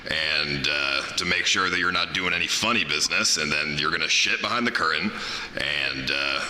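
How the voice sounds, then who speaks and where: A man hosting a stream challenge, explaining its rules in a deadpan, matter-of-fact teasing way. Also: very deep voice, moderate pace, reverberant, in a large hall, a little hiss or hum, rough recording. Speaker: stream host running a prison challenge. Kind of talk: casual stream chat.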